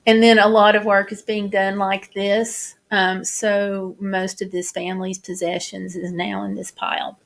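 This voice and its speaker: Casual female vlogger, halting and chatty, plain mid voice. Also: mid-range voice, flat delivery, creaky. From United States. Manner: chatty, halting, many restarts and fillers. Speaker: vlogger showing flood damage. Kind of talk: casual chat over photos.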